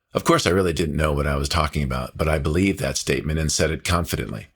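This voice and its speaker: A man reads his own memoir aloud in a very low voice, heartfelt and reflective. His tone has a husky, slightly breathy grain. The telling is steady audiobook narration. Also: fast talker, few pauses.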